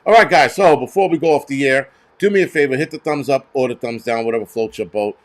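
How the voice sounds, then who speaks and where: A man's voice: medium pitch, fast talker. A man hosting a show, ranting heatedly with lots of swearing and stumbling restarts. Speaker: host. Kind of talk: profane ranting commentary.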